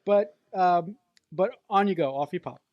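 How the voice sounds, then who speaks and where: A woman's voice: on the low side, no echo, highs cut off. A woman co-hosting a podcast in a casual movie review chat, playful and joking. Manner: playful, quick to laugh, joking. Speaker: podcast co-host.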